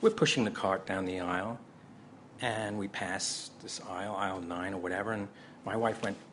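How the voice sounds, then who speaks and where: A man's voice: on the low side, moderate pace. A man telling a funny anecdote on stage to a convention crowd, stammering and acting out the people he quotes. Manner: animated storyteller, stammers and acts out quotes. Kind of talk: live storytelling to a convention crowd. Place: large convention hall with a live audience. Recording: crowd and noise in a big hall. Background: crowd laughter and ambient noise.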